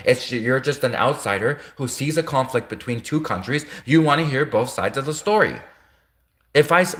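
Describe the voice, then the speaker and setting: A man's voice: medium pitch, fairly bright tone. A man talking straight through a rambling casual monologue, often restarting and repeating his sentences.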